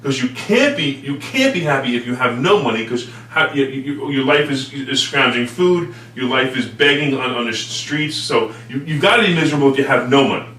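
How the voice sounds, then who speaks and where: Man, host, fast talker, bright tense voice, echoey room, far from mic. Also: medium pitch, animated. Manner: quick backchannel, agreeable, repeats "right". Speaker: show host. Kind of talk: conversational interview. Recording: roomy, distant mic, faint hum.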